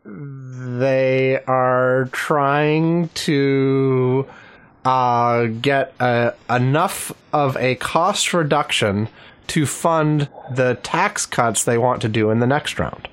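A man co-hosting a casual political chat, calmly explaining things in a measured way. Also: medium pitch.

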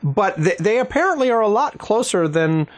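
A man co-hosting a casual political chat, calmly explaining things in a measured way. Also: high voice.

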